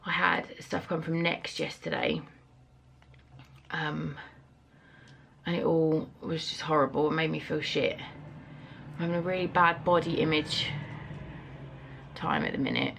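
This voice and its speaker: A woman in a casual home vlog, talking frankly and easily, a little out of breath now and then. Her voice has a slightly gravelly, creaky texture at a middle pitch. There is a faint hiss behind her. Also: animated, a little slow, pauses often, fairly bright tone. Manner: casual, chatty and frank, with some swearing. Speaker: vlogger and mum. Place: family house indoors.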